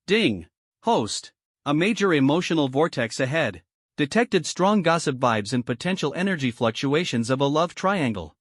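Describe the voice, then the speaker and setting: A man's voice: a little high, very animated, normal speed, fairly bright tone, no room sound, clean studio sound. A man voicing an in-head game system that gives clipped, matter-of-fact alerts. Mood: announcing. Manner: clipped announcements.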